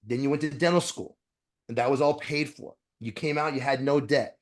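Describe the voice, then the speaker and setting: A man who is a dentist, a guest on a podcast interview, talking bluntly with profanity and animated storytelling. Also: a little high, normal speed.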